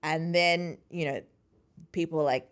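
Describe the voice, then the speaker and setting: A woman in her thirties, a podcast guest, chatting and telling stories in an animated way, acting out what people said and laughing often. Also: low-pitched, unhurried. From Sri Lankan family. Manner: animated, acts out quoted voices, laughs often. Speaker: podcast host and interview guest. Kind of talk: casual conversational storytelling.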